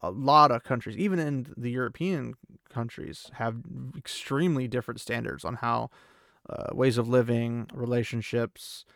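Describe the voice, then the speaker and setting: Gravelly-voiced man, chatty recap host. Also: medium pitch, steady tone, normal speed, a bit bright, dry recording, studio quality. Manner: chatty, full of fillers and asides. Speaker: podcast host. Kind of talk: casual chapter recap.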